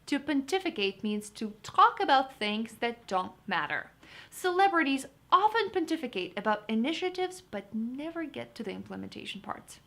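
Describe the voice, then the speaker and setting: In a lively test-prep lesson, a woman vocabulary tutor chats upbeat with her viewers, calling them "guys." Her high voice is sing-song and fairly bright, moving at a normal speed.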